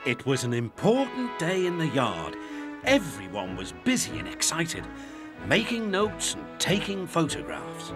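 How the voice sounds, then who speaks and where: A man giving scripted, expressive storybook narration for children. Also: on the high side, unhurried. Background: music.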